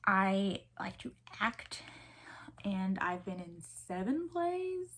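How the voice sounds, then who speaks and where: A woman's voice: medium pitch, big pitch swings, slow pace, a bit bright. A young woman with a Southern American accent talks casually to her viewers. She rambles in a chatty way, filling gaps with ums and likes and starting sentences over as thoughts come to her. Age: 20s. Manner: chatty, rambling, many fillers and restarts. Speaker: vlogger. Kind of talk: casual chat.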